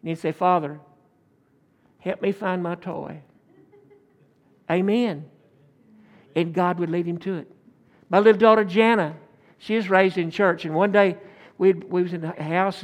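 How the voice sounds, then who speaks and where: Preacher guy, pretty high voice, folksy stories, keeps asking for amens. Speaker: pastor. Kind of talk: sermon.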